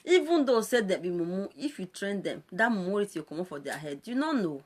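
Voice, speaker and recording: Speaking a bit fast with few pauses, a woman with a mid-range voice and Nigerian Pidgin English accent presents on social media in a casual live-stream monologue. Her tone is lively and playful, full of laughs and exclamations.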